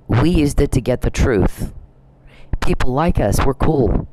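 A man's voice: mid-range voice, animated, a little slow, mellow, no room sound. A man ranting angrily and accusingly in a profane monologue. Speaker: vlogger. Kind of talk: angry monologue.

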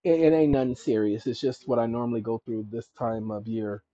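A man hosting his own channel, walking viewers through legal paperwork on his screen in an emphatic way, often calling them "ladies and gentlemen" and checking in with "okay?". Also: medium pitch, fairly quick, no room sound. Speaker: channel host giving legal advice. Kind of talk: instructional screen-share talk. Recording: dull lo-fi recording.

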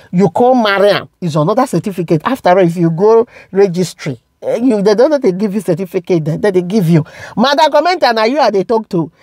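A woman's voice: medium pitch, lively intonation, fairly quick, darkish tone, dry recording, studio quality. A woman with a Nigerian accent talking to her viewers about celebrity gossip, emphatic and repeating words for stress. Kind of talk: casual commentary to viewers.

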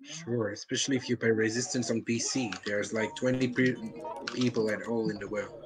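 A man's voice: mid-range voice, steady tone, moderate pace, music in the background, low-quality recording. Dry teasing gamer man. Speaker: co-streamer. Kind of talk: live gameplay chat.

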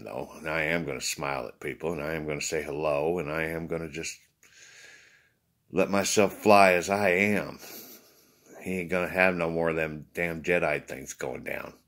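A man's voice: very deep voice, moderate pace, pauses often, a bit bright. A man talking to viewers in a rambling, casual monologue, swearing freely, tired after a short night's sleep. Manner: rambling, swears freely, acts out quoted exchanges. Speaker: vlogger addressing viewers.

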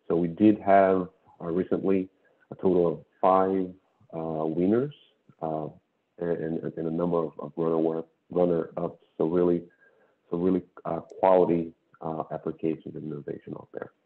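A man presenting prize programs in a webinar, talking haltingly with many fillers and restarts. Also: low voice, little pitch movement. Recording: tinny phone-like line.

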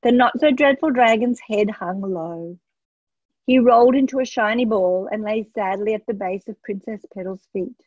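A woman reading a children's storybook aloud in a gentle, expressive way. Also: medium pitch, normal speed, dry recording. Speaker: storybook reader. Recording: dull lo-fi dry sound.

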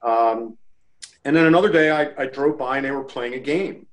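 Recorded roughly, this mid-range male voice moves at a normal speed. The speaker is a lacrosse official from around Baltimore, sitting in as a casual interview guest. He spins his story with energy and performs the lines he quotes.

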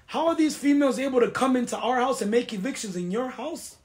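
A woman's voice: high voice, animated, fast, a little mellow. Woman host ranting, all emotional, keeps repeating herself for emphasis. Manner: emotional, venting, repeats phrases. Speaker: podcast host. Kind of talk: casual reaction chat.

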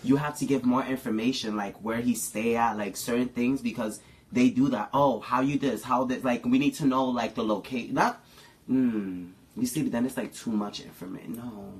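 A man's voice: mid-range voice, steady tone, normal speed, darkish tone. A young man doing prank calls, dramatic, chatty and crude. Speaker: prank caller. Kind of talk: prank call banter.

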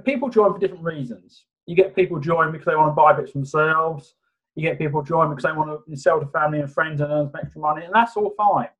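A man answering interview questions on a video call in a steady, measured way, with many fillers. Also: a little high, breathy edge. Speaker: guest. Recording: dull video-call audio.

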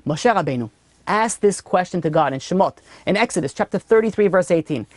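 A man's voice: high-pitched, lively intonation, a little fast, dry recording. A man, a rabbi giving a storytelling Torah lecture that lifts sharply on key points.

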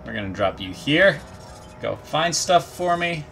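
A man giving gameplay commentary, talking back to game characters in an animated way. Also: on the high side, measured pace, vocal fry, soft background music. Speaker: gaming YouTuber.

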